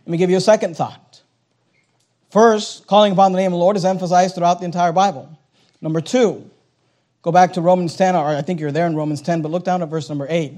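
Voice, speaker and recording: A man's voice: high-pitched, steady tone, quick pace, darkish tone. A male pastor preaching a sermon, emphatic and repetitive, pressing his points home.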